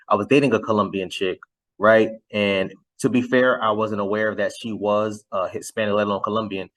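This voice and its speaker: A young adult man hosts his show with casual reaction commentary. He rambles in a conversational way, full of fillers and restarts. His voice sits a little on the low side. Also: a bit bright, low-quality recording. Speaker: host.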